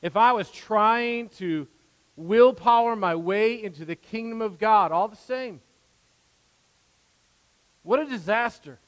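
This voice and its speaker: A man's voice: high voice, takes it slowly. A man preaching a sermon from the pulpit as pastor, earnest and conversational, with rising emphasis and asides. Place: church sanctuary. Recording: long hall reverb.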